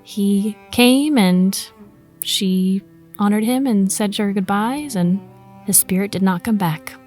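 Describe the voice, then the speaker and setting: A woman podcast host telling a personal ghost story in a chatty, animated way, acting out the quoted lines. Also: medium pitch, slow pace, soft background music. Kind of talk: casual storytelling.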